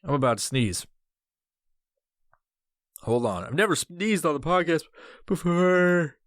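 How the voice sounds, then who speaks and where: A man's voice: fairly high pitch, lively intonation, unhurried, fairly bright tone, no room sound, clean studio sound. Profane rambling man on a podcast. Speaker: podcast host. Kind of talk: casual podcast rant.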